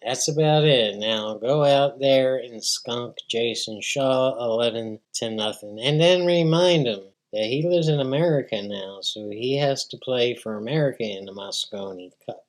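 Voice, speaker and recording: A man's voice: mid-range voice, measured pace, hardly any pauses, low-quality recording. A middle-aged man teaching pool in casual narration, plainspoken and joking. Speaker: pool instructor.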